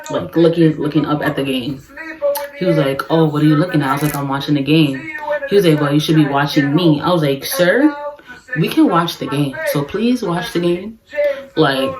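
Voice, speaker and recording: A woman in her early twenties with a New York accent, telling a casual storytime in slangy, animated talk and acting out what people said. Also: deep voice, rough recording. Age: 20s. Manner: animated, slangy, acts out quotes. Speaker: vlogger.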